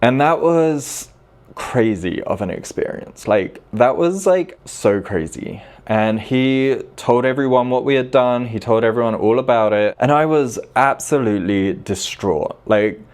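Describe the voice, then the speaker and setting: A man's voice: medium pitch, measured pace, a little mellow. A man, telling a personal story to camera in a confessional way and repeating words for emphasis. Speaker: vlogger.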